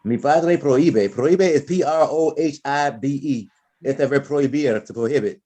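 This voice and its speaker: A man's voice: mid-range voice, normal speed, warm tone. A man teaching a Spanish class, correcting students patiently and repeating his words. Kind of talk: online class instruction.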